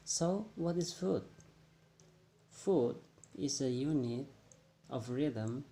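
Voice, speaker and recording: A young man whose first language is Indonesian, giving a classroom-style explanation as a student presenter, halting and repeating words as he goes. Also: medium pitch, lively intonation, dark tone. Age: young adult.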